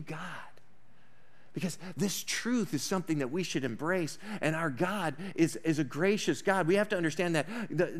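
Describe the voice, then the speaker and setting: A pastor delivers a sermon in a notably high voice for a man. He preaches emphatically, swinging between quiet asides and loud, slowed-down declarations. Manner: emphatic preaching, rises and falls in pitch and volume, slows on key points.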